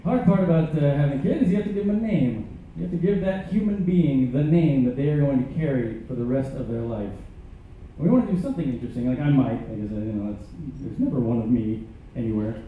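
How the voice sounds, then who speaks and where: A man's voice: mid-range voice, quick pace, slight background noise. Man doing stand-up in an echoey hall. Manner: absurd jokes delivered with hesitant "uh" fillers. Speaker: comedian and musician. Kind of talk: stand-up comedy. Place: large ship theater. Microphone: stage mic heard from a distant camera. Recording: echoey, distant, tinny audience recording.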